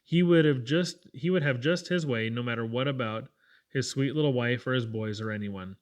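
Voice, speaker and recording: A man voicing a gentle but firm young woman who soothes a sick friend. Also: mid-range voice, normal speed, lightly acted. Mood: storytelling.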